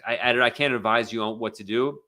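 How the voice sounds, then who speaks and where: Reading out viewer questions during a casual live legal Q&A, an American immigration lawyer talks fairly quickly, stumbling through many fillers and restarts. His medium-pitched voice sounds pushed and bright.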